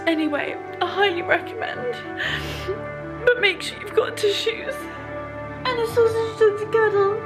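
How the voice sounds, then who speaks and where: A woman's voice: very high voice, a little slow, over music. A woman, chatting casually in a home vlog in a gushing way, laughing through tears. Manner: gushing, laughs while tearful. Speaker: lifestyle vlogger.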